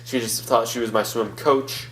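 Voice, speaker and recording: A man's voice: medium pitch, fairly even intonation, normal speed, over music, poor audio. A young man hosting a let's-play, chatting casually and rambling through a story with many fillers. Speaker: gaming channel host.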